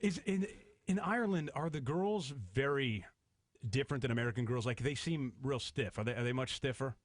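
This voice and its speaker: A man's voice: mid-range voice, brisk, dry recording. A man co-hosting a radio show, asking easygoing questions and often laughing, in a casual studio chat. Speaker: radio co-host.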